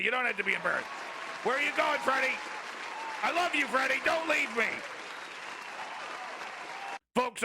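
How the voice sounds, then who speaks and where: A man voicing a frantic male conspiracy radio host who rants and shouts. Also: sits high, gravelly, slight background noise, full character voice. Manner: shouting, overwrought rant.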